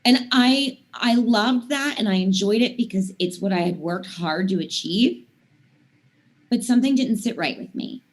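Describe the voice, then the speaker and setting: A woman's voice: medium pitch, normal speed. Chatty woman, rambling storyteller. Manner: rambling storyteller, many "I mean" and "like" fillers. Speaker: guest singer. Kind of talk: casual interview chat.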